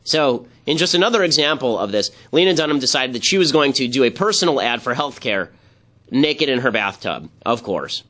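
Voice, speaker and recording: A man hosting political commentary, talking with sarcasm and quick mocking asides. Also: mid-range voice, lively intonation, sharp tone. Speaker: commentary host.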